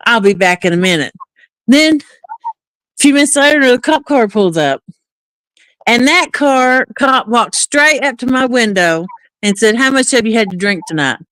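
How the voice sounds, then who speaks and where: A woman's voice: on the high side, unhurried, dry recording. A woman on a live talk stream casually telling a long story, acting out the back-and-forth dialogue as she goes. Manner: animated, acts out quoted dialogue.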